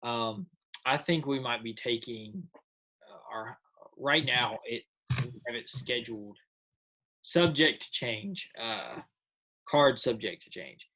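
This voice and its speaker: A young man with a husky voice co-hosts a podcast in relaxed, casual chat. He is laid-back and ribs his co-host with easy jokes. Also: medium pitch, slow pace.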